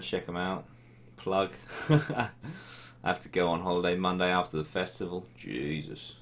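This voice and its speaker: A man's voice: deep voice, bright, forceful tone. A young man from Norwich with a Norwich accent, chatting casually on a live stream, reading out comments with laddish, sweary banter. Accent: English, Norwich. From Norwich, England.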